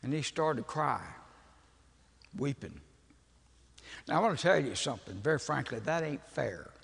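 An older man, preaching as a folksy, animated storyteller who laughs at his own jokes. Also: mid-range voice, moderate pace, vocal fry, slightly rough. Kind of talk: storytelling sermon. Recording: echoey hall with long reverb.

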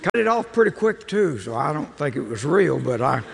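Older preacher, folksy and gravelly. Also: male voice, on the high side, big pitch swings, normal speed. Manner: folksy, humorous, self-deprecating storyteller. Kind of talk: storytelling sermon. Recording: long hall reverb.

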